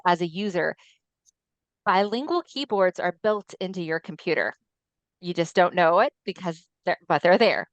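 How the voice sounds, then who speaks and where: Presenting a webinar for an ALS voice nonprofit, a woman with a fairly low voice explains things in a friendly, educational manner with frequent ums. She's recorded on a video call microphone with no room sound.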